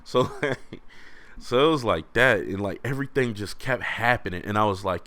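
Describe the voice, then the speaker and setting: A young man hosting a podcast alone, telling a story casually in slang, animated and often laughing. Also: lowish voice, normal speed, dry recording. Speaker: podcast host.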